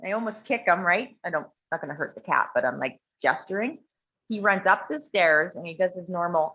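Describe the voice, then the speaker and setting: Woman, casual profane storyteller, bright forceful voice, animated delivery. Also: on the low side, a little fast, rough recording. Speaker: guest sharing a personal story.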